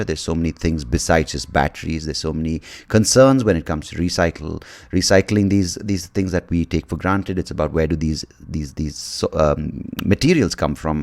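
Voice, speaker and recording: Deep gravelly guy ranting profane jokes, podcast host vibe. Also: darkish tone. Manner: profane, sardonic storytelling. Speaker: comedian host. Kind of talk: stand-up style monologue and podcast intro.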